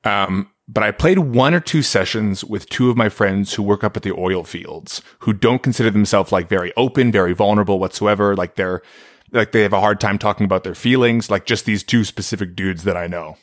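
A man's voice: fairly low pitch, brisk, no echo, studio quality. A man co-hosting a tabletop game podcast, casually telling a story and acting out quotes. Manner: animated, acts out quotes from friends. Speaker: podcast co-host.

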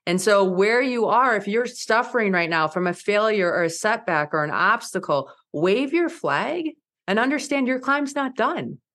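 Woman, forties, interview guest, animated storyteller, laughs often, mid-pitched voice. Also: normal speed. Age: 40s. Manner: animated, acts out quotes with big pitch jumps; laughs often while telling stories. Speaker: guest, mountaineer and speaker.

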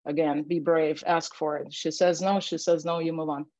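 A woman matchmaker and dating coach giving casual podcast advice, chatty and animated, acting out sample lines and often asking "right?". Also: low voice, normal speed, no room sound, dull audio.

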